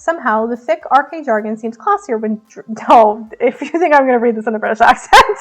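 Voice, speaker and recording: A woman's voice: fairly high pitch, sing-song, moderate pace, fairly bright tone, faint music behind. A woman streamer reading a visual novel aloud, giggling often and joking about her own reading. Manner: giggly, playful, self-mocking.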